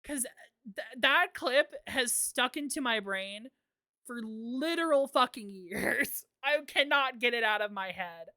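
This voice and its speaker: A woman's voice: fairly high pitch, lively intonation, slow pace, bright, forceful tone, dry recording, clean studio sound. A woman streaming a game, rambling through her commentary with casual swearing and frequent laughs. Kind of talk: gameplay commentary. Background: faint lo-fi music.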